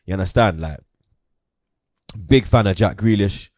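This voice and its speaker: A man's voice: on the low side, measured pace, darkish tone, dry recording, clean studio sound. Slangy young man talking football. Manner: slangy, repeats "you get me" and "blood". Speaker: host. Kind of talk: casual football chat.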